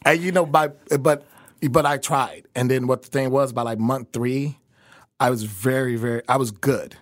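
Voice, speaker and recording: A man's voice: mid-range voice, fairly even intonation, moderate pace, no room sound, clean studio sound. American man telling a rambling story. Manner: rambling, full of restarts and fillers. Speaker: chef, podcast guest. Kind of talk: casual storytelling in conversation. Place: podcast studio.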